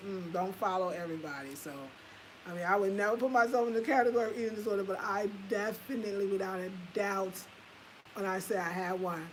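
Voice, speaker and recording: A woman in her fifties telling a personal story in a candid, animated way, swearing casually and laughing at herself. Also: on the low side, fairly quick, a little hiss or hum, low-quality recording. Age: 50s. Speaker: home design vlogger.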